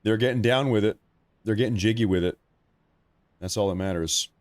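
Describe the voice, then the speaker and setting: A man in his thirties with a fairly low voice hosts a casual live stream. He rambles and repeats himself in an easy, conversational way. The sound is dry and close, with no room echo. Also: brisk.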